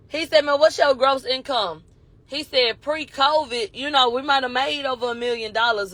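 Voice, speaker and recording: High-voiced woman retelling a trial. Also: normal speed, dry recording. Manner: animated, slangy, retells quotes in a running he-said chain. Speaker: commentator recapping a trial. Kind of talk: casual storytelling recap.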